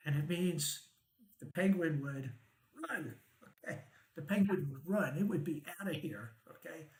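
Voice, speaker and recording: The voice sits on the high side with a darkish tone, unhurried, as a man chats his way through charts on his stock market show. Expect frequent "right?" and "okay?" and wry chuckles; the room echoes and the audio is poor.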